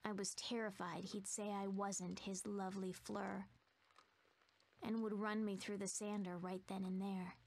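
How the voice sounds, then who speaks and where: A woman narrating a video game in a soft, hushed, fearful storytelling manner, voicing a timid young female narrator. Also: medium pitch, little pitch movement, measured pace.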